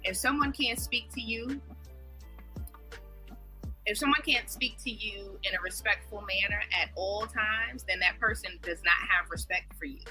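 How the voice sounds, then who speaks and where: A woman's voice: mid-range voice, normal speed, sharp tone, soft background music, poor audio. A woman talking in a casual group discussion, emphatic and opinionated, telling family stories. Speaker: discussion panelist.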